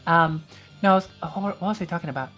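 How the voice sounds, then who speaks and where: A woman's voice: lowish voice, fast talker, a bit bright, faint music behind. Hesitant woman streamer, non-native English. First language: not English. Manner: hesitant, many fillers, reads chat aloud. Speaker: streamer host. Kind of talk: casual chat.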